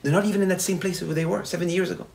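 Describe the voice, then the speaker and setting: Animated storytelling rabbi. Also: male voice, high voice, very fast, gravelly, rough recording. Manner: animated, repetitive, frequent restarts. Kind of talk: storytelling sermon.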